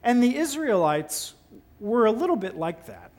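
A man preaching a sermon in a relaxed, conversational and playful way, breaking into exaggerated incredulous outbursts. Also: high voice, moderate pace. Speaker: pastor.

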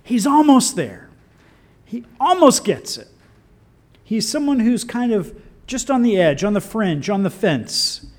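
A man preaching a sermon in an animated, conversational way with wry asides. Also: high voice, unhurried.

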